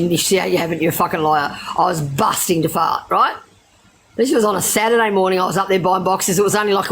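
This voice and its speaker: A woman's voice: medium pitch, slight background noise, rough recording. A middle-aged Australian woman telling stories to her live viewers in a blunt, laughing way, swearing freely. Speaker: livestreamer. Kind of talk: casual storytelling to live viewers.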